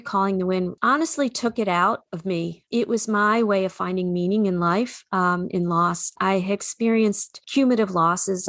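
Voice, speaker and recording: A woman's voice: medium pitch, gravelly, no echo, studio quality. A woman with a New England accent, a children's author speaking earnestly and reflectively in an interview. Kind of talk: interview conversation.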